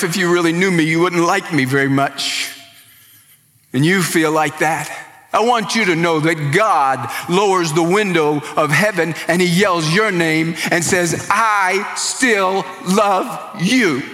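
Male pastor, slightly high voice, preaching with rising passion; long hall reverb. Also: sharp tone. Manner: impassioned preaching, rising and dropping for emphasis. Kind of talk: sermon.

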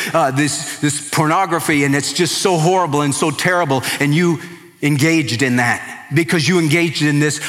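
Male pastor, slightly high voice, preaching with rising passion; long hall reverb. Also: fairly bright tone. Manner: impassioned preaching, rising and dropping for emphasis. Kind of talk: sermon.

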